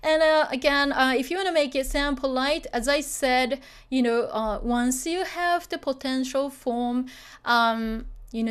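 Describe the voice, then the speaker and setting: Woman, Japanese teacher, slightly high voice, chatty, lots of fillers, checks in with learners. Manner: chatty, full of fillers, asks for agreement. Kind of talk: beginner language lesson.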